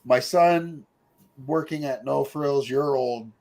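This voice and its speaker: A man's voice: medium pitch, slow pace, darkish tone. A middle-aged man, hosting a show in casual, rambling chat full of fillers and asides. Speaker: podcast host.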